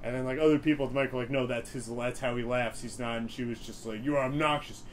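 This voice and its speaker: Young man, from New Jersey, comedian guest, casual chat, animated retelling, slight background hiss. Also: mid-range voice, fast talker. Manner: chatty storytelling, acts out quotes, laughs often.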